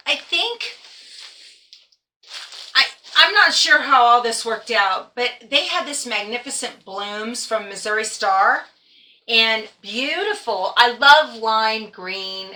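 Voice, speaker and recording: A woman's voice: on the high side, sharp tone. A woman hosting a quilting vlog, chatting casually and laughing at herself. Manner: chatty, self-deprecating, laughs often. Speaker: quilting blogger and host. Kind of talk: casual chat to camera. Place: at home, tractor outside.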